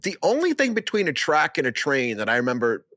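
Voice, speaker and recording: A man's voice: on the high side, wildly swooping pitch, fairly quick, pushed and bright, no room sound, clean studio sound. A man hosting a podcast in casual chat, asking incredulous follow-up questions. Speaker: podcast host.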